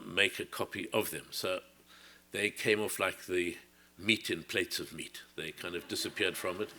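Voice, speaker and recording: A man's voice: low voice, sharp tone. An older man from South Africa giving a reflective public lecture, often circling back and restarting his sentences.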